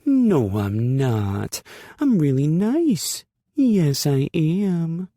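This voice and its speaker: A man's voice: fairly high pitch, big pitch swings, dark tone, no echo, studio quality, voice pushed up, exaggerated voice. A man putting on a frazzled, rambling young woman. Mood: cooing to a dog. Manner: rushed, breathless, apologetic rambling. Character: frazzled sweet young woman, chattering nervously.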